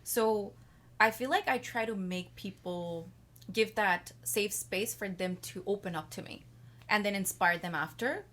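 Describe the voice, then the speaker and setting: A woman's voice: medium pitch, a little slow, a bit bright. A woman on a podcast as a guest, talking at length about herself in a rambling, self-assured way, full of "like" fillers. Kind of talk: casual chat.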